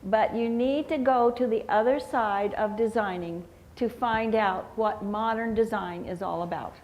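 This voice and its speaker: A woman teaching flower arrangement at a live seminar, explaining slowly with fillers and restarts. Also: fairly high pitch, highs cut off, slight background noise. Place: convention hotel meeting room.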